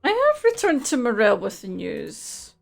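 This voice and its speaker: A woman's voice: on the high side, huge pitch swings, unhurried, gravelly. A woman streamer reading video game dialogue aloud, with dry, wry asides.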